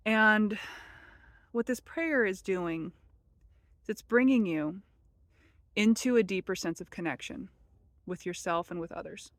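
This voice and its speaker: A woman speaks as a spiritual teacher in a calm, measured way, her voice sitting in an ordinary middle register. The recording is dry and close, with no room sound around her. When she repeats a short prayer, her voice drops nearly to a hush. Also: mid-range voice, no room sound.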